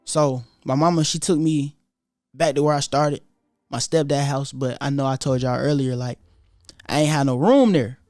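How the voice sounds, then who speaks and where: Young man, casual storyteller, slangy and animated, light music bed. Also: medium pitch, normal speed, no echo, studio quality. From Atlanta, USA. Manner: animated, profane street slang, acts out quoted voices. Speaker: YouTuber telling his story.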